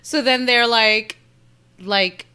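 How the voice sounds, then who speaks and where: A woman's voice: fairly high pitch, slow pace, pushed and bright, clear, resonant tone. A young woman co-hosting a podcast, talking bluntly and laughing often in casual chat. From Canada. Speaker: podcast co-host.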